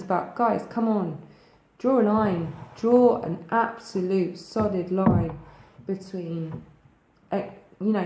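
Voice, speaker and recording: A woman with a Thanet accent from Kent speaks on her own channel in a frank, emphatic, casual way, swearing freely. Her voice sits on the low side. The room around her is echoey. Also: mellow, slight background noise. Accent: English, Thanet in Kent. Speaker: spiritual video host. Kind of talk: casual direct-to-camera talk.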